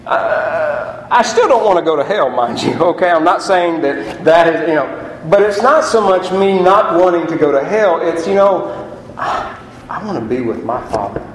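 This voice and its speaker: Preacher in an echoing hall. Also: male voice, fairly high pitch, normal speed, a little hiss or hum. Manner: lively, conversational preaching with rhetorical questions. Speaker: pastor. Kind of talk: sermon. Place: church sanctuary. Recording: echoey hall.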